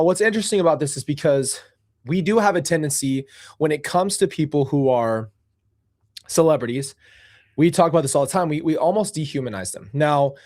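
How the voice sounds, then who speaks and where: A man's voice: a little high, no room sound, studio quality. A man hosting his own livestream show, talking casually and animatedly to his viewers and joking with the chat as he vents. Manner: animated, chatty, complains playfully, talks to chat. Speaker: host.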